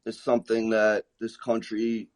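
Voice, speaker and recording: A man's voice: lowish voice, monotone, a little slow. A man with a New York accent who talks emphatically and restarts often while giving his opinions in a casual online group discussion. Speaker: caller.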